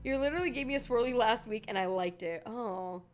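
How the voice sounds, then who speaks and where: A woman's voice: a little high, fairly quick, faint music behind. A woman streamer chatting casually while reacting to a video, playful, swearing and laughing a lot.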